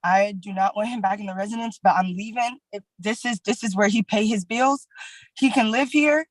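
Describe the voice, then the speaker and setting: Woman petitioner, halting courtroom testimony, mid pitch, dry close sound. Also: no echo, low-quality recording. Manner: halting, filler-heavy retelling.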